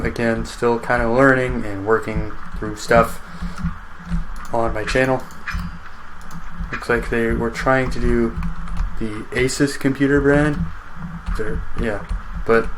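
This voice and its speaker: A man's voice: medium pitch, slight background noise. A man giving casual let's-play commentary on his own game, rambling and chatty, joking with the enemies as they come at him.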